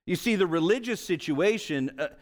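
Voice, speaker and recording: A man, a pastor, preaching a sermon with animated swings in pitch and volume, telling stories along the way. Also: normal speed.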